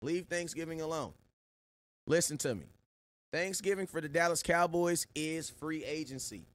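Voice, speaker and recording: Animated man giving shout-outs to viewers. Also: fairly high pitch, normal speed. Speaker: sports show host. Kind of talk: live-stream chat.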